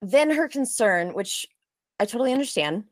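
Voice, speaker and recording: A woman telling a story in casual chat, fast and lively, full of likes, acting out what others said. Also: a little high, dry recording, clean studio sound. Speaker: storyteller guest.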